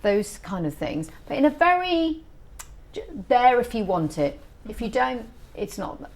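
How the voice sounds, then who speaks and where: A middle-aged woman being interviewed as an author, telling stories in an animated, chatty way. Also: fairly high pitch, measured pace. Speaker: author guest. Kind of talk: casual interview chat.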